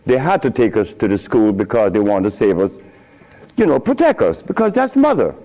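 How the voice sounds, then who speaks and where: A man's voice: on the low side, a little fast, dull audio. A man giving an informal lecture to an audience, telling stories with loose grammar and frequent chuckles. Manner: animated storytelling with frequent chuckles. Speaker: speaker addressing an audience.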